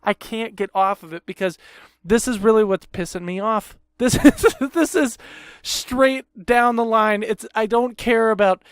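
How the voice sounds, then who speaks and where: A young man rants on his podcast, swearing at every turn and piling on sarcastic complaints. His voice is smooth and resonant, recorded close and dry with no room sound. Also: sits high, dry recording. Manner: angry, swears constantly, sarcastic, rambling. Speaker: podcast host. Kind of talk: profane ranting monologue.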